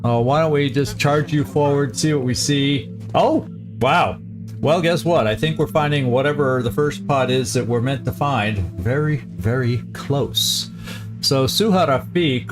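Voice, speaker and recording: A man hosting a channel who comments on a strategy game, thinking aloud and correcting himself as he plans moves. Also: medium pitch. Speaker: gaming channel host.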